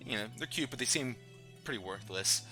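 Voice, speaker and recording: A man narrating a tabletop role-playing game as dungeon master, describing scenes in a relaxed way with fillers. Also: medium pitch, fairly quick, soft background music. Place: home streaming setup.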